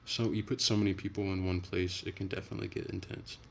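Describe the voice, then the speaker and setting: A man's voice: sits low, flat delivery, fast, gravelly, slight background noise. A man chatting casually on a livestream, rambling and profane, with frequent restarts.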